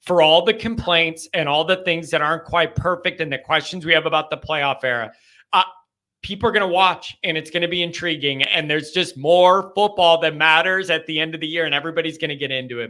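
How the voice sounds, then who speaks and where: A man's voice: a little high, fairly quick, pushed and bright. A man hosting a live call-in sports talk show, talking bluntly and ranting heatedly. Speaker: show host.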